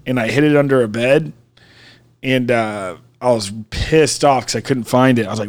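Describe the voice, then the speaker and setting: A man's voice: medium pitch, normal speed. A man, co-hosting a casual chat and rambling through stories with frequent laughs. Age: 30s. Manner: rambling storyteller, laughs often, swears. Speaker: podcast co-host, bar owner.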